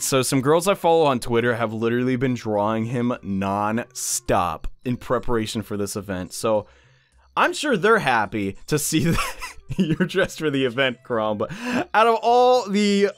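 A young man hosting casual gaming commentary, excitable and chatty, with frequent exclamations. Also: mid-range voice, a little slow, faint music behind. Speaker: YouTube gaming host.

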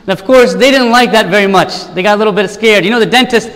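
A priest preaching an earnest sermon in a church, with rhetorical questions and repeated lists. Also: male voice, high-pitched, fast talker, a bit bright, big-room sound, low-quality recording.

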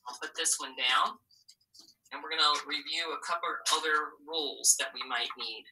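A woman teaching a phonics lesson to children, patient and encouraging, asking questions and pausing for answers. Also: low voice, pushed and bright, recorded from a distance, rough recording.

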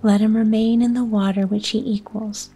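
A woman voicing a spoiled young princess in a whispered role-play bedtime story, speaking in a soft whisper. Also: mid-range voice, level tone, normal speed, soft background music, lightly acted. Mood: pleading.

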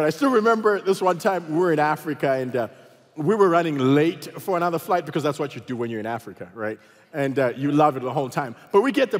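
Animated male pastor, echoing hall. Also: fairly high pitch. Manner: animated storytelling, acts out voices. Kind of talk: sermon. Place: large church auditorium.

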